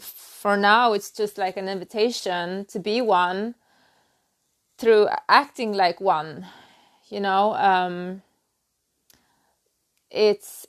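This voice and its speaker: A woman giving a halting, earnest spiritual talk on her own channel, full of restarts and "you know.". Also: mid-range voice, smooth. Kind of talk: personal spiritual talk to camera.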